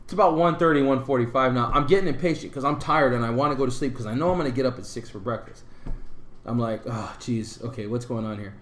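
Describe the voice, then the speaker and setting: A man on a podcast casually telling a long, rambling story, full of fillers and animated retellings. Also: mid-range voice, fast. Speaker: podcast co-host. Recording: roomy echo.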